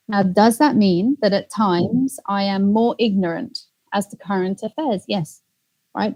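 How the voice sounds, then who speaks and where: A woman guest in an interview, explaining her ideas emphatically with rhetorical questions and drawn-out key words. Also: medium pitch, darkish tone, rough recording. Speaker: guest, empathy advocate. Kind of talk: conversational interview answer.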